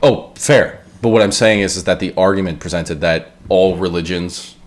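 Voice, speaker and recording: A man's voice: low-pitched, moderate pace. A man co-hosting a casual religious discussion podcast, building his arguments in long run-on chains. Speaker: podcast co-host.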